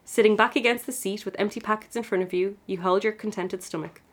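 A young woman reads her own old fan fiction out loud, breaking into giggles and joking at her own expense. Her voice sits at a middle pitch for a woman, and her delivery is casual and playful. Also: steady tone, fast. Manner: giggly, self-mocking, laughing through the reading. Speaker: podcast co-host reading her old fan fiction aloud. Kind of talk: reading aloud with comic asides.

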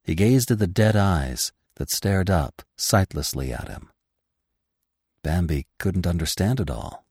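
A man narrating a classic novel in a measured, expressive storytelling voice. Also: deep voice, vocal fry, breathy edge, no room sound, studio quality.

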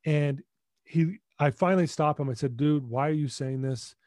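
In a clean, dry studio recording, a middle-aged podcast guest with a somewhat high voice recounts something from his own life at a moderate speed. He plays out the dialogue with energy, frequently starting over and repeating himself.

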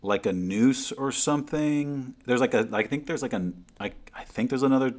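This remote podcast co-host has a medium-pitched voice and a moderate pace. He's an animated, rambling storyteller who restarts frequently and leans on fillers, chatting casually through a remote call mic.

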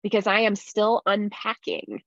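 A woman's voice: mid-range voice, level tone, measured pace, gravelly, fairly bright tone, no echo. A woman talking candidly in casual podcast chat, with lots of "like" fillers. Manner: candid, chatty, many "like" fillers. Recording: slightly dull dry sound.

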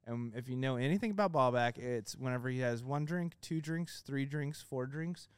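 A man's voice: mid-range voice, clean tone, no room sound, studio quality. A man co-hosting a comedy podcast, teasing and riffing in casual banter. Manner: joking, teasing, fast riffing. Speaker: podcast co-host.

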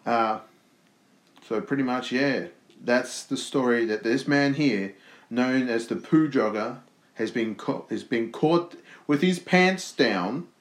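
A man's voice: medium pitch, slow. An Australian man co-hosting a casual podcast, reading odd news stories aloud and cracking jokes between sentences. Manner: reads news stories aloud with jokey asides. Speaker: podcast co-host. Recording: roomy echo.

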